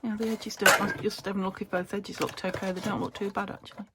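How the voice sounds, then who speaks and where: A woman's voice: medium pitch, level tone, fast talker, very noisy. A woman vlogging about her crafts, chatting casually and thinking aloud as she works, sometimes half-whispering. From United Kingdom. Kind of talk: casual crafting chat to camera.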